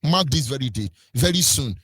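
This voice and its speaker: A man's voice: medium pitch, lively intonation, normal speed, fairly bright tone, slightly rough, no echo. A man with a Nigerian accent giving an impassioned political monologue as a radio commentator, fiery and rhetorical, pressing the same questions again and again with biting sarcasm. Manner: sarcastic, mocking.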